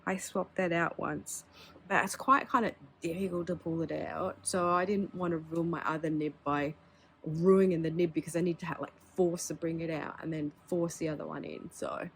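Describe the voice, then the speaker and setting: A woman's voice: low-pitched, steady tone, moderate pace, husky. A woman, chatting casually and candidly as she shows her pens, with filler words and small laughs. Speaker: pen hobby vlogger. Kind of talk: casual show-and-tell.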